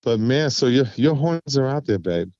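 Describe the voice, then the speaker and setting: A man's voice: moderate pace, no room sound, lo-fi sound. A man guest on an interview show, chatting casually and telling stories with vivid voiced quotes. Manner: animated storyteller, acts out quotes with big pitch jumps. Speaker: guest vocalist.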